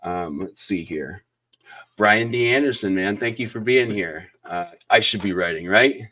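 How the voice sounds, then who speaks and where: A man's voice: on the low side, unhurried. A man hosting a live book interview, effusive and enthusiastic, thanking viewers between questions. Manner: enthusiastic, effusive, many fillers and shout-outs. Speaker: booktube interview host. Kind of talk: live-stream interview chat.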